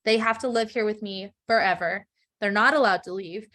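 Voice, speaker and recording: A woman's voice: medium pitch, normal speed, fairly bright tone, lightly acted. A woman voicing an angry, grotesque male beast in a casual fairytale retelling, scolding in a mock-indignant tone. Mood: stern.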